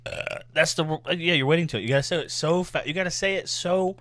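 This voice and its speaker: A man's voice: fairly high pitch, quick pace, a bit bright, no room sound. A man co-hosting a casual podcast, teasing and joking as he rambles. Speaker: podcast co-host.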